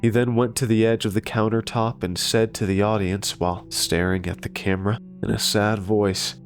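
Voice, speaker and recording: A man narrating a horror story in a slow, deliberate scripted delivery. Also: flat delivery. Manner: slow, deep and gravelly delivery. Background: faint guitar music.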